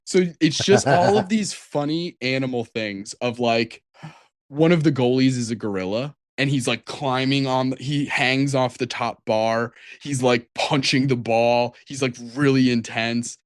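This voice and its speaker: A man co-hosting a podcast, retelling a film with animated energy and plenty of swearing. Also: mid-range voice, unhurried, dry recording, studio quality. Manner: animated storyteller, swears freely. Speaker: podcast co-host. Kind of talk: casual chat.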